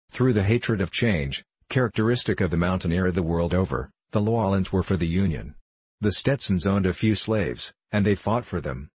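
A man narrating a novel aloud in a measured, unhurried storytelling manner. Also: sits low, a little mellow, breathy edge, no room sound. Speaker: audiobook narrator.

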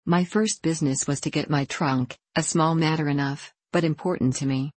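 A woman narrating a classic novel in the first person, with a measured, deliberate reading. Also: low voice, fairly even intonation, darkish tone, no echo, poor audio. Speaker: audiobook narrator.

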